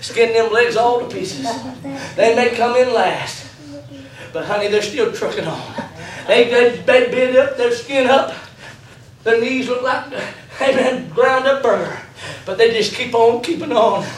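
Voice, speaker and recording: A man preaching a revival sermon in a church, breaking into laughing, shouting bursts. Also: very high-pitched, a little slow. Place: church sanctuary. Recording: roomy echo from far off. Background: congregation calling out.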